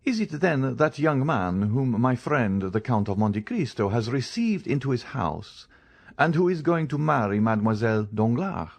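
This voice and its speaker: A man's voice: medium pitch, very animated, moderate pace, vocal fry, pitched above the performer's own voice. A man reading the part of a stern, commanding count disguised as a priest, questioning in an audiobook. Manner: commanding, interrogating.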